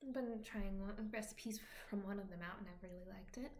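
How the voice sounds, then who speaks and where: A woman's voice: medium pitch, a little fast, darkish tone, roomy sound, a little hiss or hum. A woman chatting casually on a home stream, rambling and often dropping into a whisper. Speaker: vlogger. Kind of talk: casual chat while streaming.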